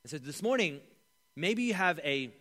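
A man preaching a sermon as pastor, with an animated delivery that rises for emphasis and drops to a hush on key points. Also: fairly high pitch, moderate pace. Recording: echoey hall.

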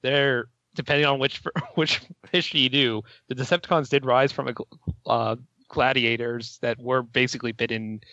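A man with a middle-pitched voice on a dull, dry-sounding mic joins the casual chat. He fills in visual details, leaning on "like" as he talks. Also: steady tone, normal speed, bright, forceful tone, dry recording. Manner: adds visual details with many likes. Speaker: podcast co-host.

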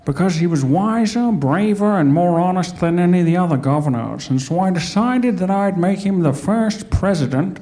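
Man voicing a proud ancient king, fake Scottish accent, mellow deep tone, booming and self-assured. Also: animated, normal speed, hardly any pauses. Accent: put-on Sean Connery-style Scottish. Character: King Darius, proud ancient male Persian king. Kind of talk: church skit role-play.

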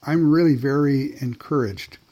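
A man's voice: mid-range voice, normal speed, dark tone. An older man from Canada co-hosting a casual podcast chat, telling anecdotes with a chuckle. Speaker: podcast co-host, whisky writer.

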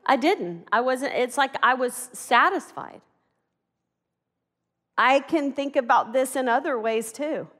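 A middle-aged woman preaching a sermon in an animated, conversational way, acting out the voices in her stories. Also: high voice, unhurried, long pauses, big-room sound.

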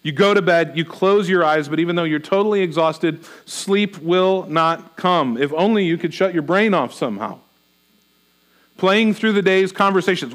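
High-voiced earnest male preacher. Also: moderate pace. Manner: earnest, acts out anxious inner questions. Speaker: pastor. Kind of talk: sermon.

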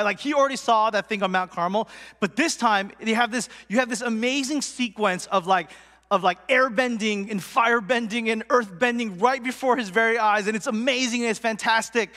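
A man's voice: sits high, sharp tone, big-room sound. A male pastor giving a casual, chatty sermon in a church, talking to the congregation with lots of fillers, acting out quotes and sometimes dropping to a whisper for effect. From Portland. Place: church hall.

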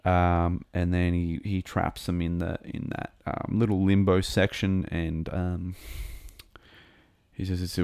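A man's voice: deep voice, little pitch movement, a little slow, gravelly, darkish tone, clean tone, no room sound, studio quality. A man recapping a show episode in a casual, rambling and enthusiastic way, with lots of ums and restarts. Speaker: show reviewer.

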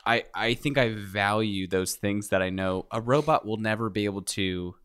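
A man co-hosting a casual chat show who reacts with quick wit and loud disbelief. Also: lowish voice, clean tone. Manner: quick-witted, incredulous outbursts. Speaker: podcast co-host.

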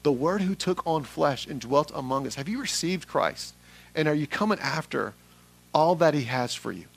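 A young adult man from Atlanta, preaching a sermon to a congregation, building from quiet reflection to loud emphatic calls. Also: fairly high pitch, animated, moderate pace, vocal fry, breathy edge. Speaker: pastor. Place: church sanctuary with congregation.

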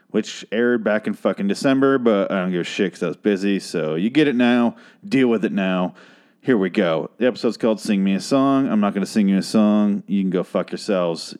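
A man's voice: fairly low pitch, a little mellow. Ranting, sarcastic man podcast host. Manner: sarcastic, ranting, profane, rambling. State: voice getting hoarse. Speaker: podcast host recapping a TV episode. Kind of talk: casual profane rant.

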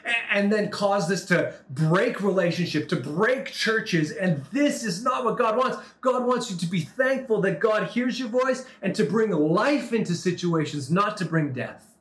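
A man's voice: high voice, lively intonation, unhurried, fairly bright tone, reverberant. A man preaching a sermon, telling a story with earnest emphasis and acted-out dialogue. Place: Turkey.

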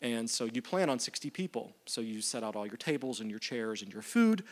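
A man's voice: mid-range voice, fairly quick. A male pastor preaching a sermon in a conversational way, acting out the lines of the parable. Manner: conversational, animated retellings of dialogue.

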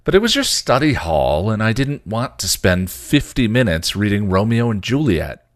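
A man's voice: big pitch swings, normal speed. A man voicing a giggly teenage girl who talks in breathless valley-girl style, reading a story aloud. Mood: bubbly teen. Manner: breathless valley-girl "like" talk, squeaky when flustered. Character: bubbly teenage girl, giggly and eye-rolling.

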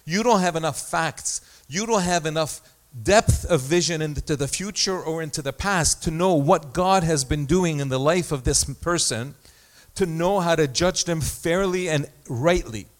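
A man's voice: fairly high pitch, moderate pace, hardly any pauses. A man preaching a sermon as pastor, talking in a conversational way with self-deprecating asides and small stories.

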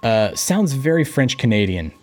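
A man's voice: medium pitch, very animated, normal speed, a little mellow, faint music behind. A man co-hosting a podcast in casual chat, hesitant and filled with ums. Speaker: podcast co-host.

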